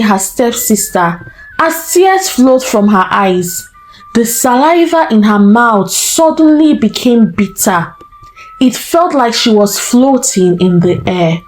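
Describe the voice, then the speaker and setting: A woman storyteller narrating a folktale in a slow, deliberate way. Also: on the high side, poor audio.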